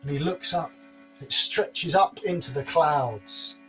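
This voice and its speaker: A man's voice: a little high, takes it slowly, a bit bright, faint music behind. A man telling a folk tale aloud in a playful, repetitive storytelling manner.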